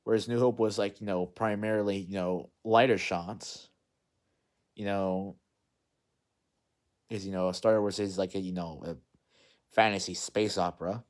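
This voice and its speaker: A man's voice: deep voice, steady tone, unhurried, long pauses. A man casually recapping a movie in a rambling, unscripted way, full of fillers and restarts. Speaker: movie vlogger.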